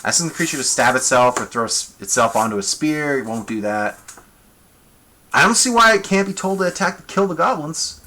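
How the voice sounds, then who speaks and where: A man's voice: a little high, expressive, fairly quick, sharp tone, slight background noise. A man game-mastering a tabletop battle on a live stream, thinking aloud, rolling dice and making rulings as he goes, in a casual, self-amused way.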